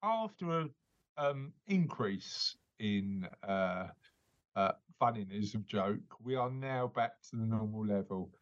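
A man's voice: on the low side, lively intonation, slow, no echo. Man, podcast host, jokey rambling delivery, filler-heavy, slightly muffled lo-fi sound. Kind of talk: casual podcast chat.

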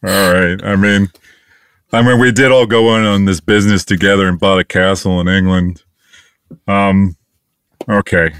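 A man's voice: sits low, fairly even intonation, smooth, dry recording. A man hesitating and laughing nervously in an improvised comedy sketch. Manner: hesitant, slow, then shouting in a put-on English accent.

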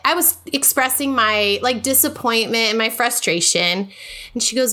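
An American woman in her thirties speaks as a podcast guest, her voice sitting a bit high and sounding bright and forward. She talks with earnest feeling, circling back and restarting her thoughts. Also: lively intonation, measured pace. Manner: emotional, earnest, full of restarts. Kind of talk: casual podcast conversation.

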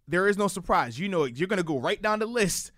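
A man co-hosting a casual sports show, a former player who walks through football strategy with animated energy. His voice sits a bit high for a man. The sound is close and dry, with no room around it. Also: fast, no echo. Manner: animated, explains plays.

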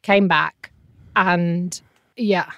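A woman's voice: on the low side, steady tone, drawn-out words, a bit bright, dry recording. A middle-aged woman, a former radio presenter, telling a personal story in an interview, candid and emotional, often trailing off. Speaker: interview guest.

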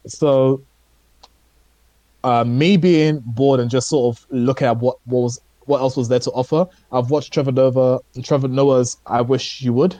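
A man's voice: medium pitch, fairly even intonation, measured pace, warm tone, dry recording. Hesitant man rambling on a podcast. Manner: rambling, hesitant, many fillers. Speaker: podcast co-host. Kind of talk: casual chat reviewing shows.

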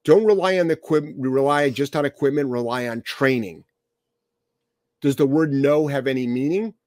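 A man's voice: medium pitch, moderate pace, a little mellow, no room sound, clean studio sound. A man hosting a podcast as a dog trainer, answering listener questions in a blunt, emphatic, profane way.

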